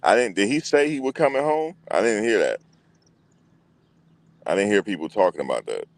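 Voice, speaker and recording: A man hosting a casual livestream, talking back to his chat in an animated way and repeating what others said. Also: fairly low pitch, moderate pace. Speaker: livestream host.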